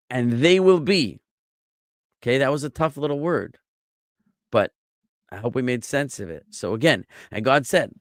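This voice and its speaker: A man's voice: mid-range voice, no echo, studio quality. A man teaching Biblical Hebrew grammar to a class, patiently drilling word forms and quizzing his students with questions.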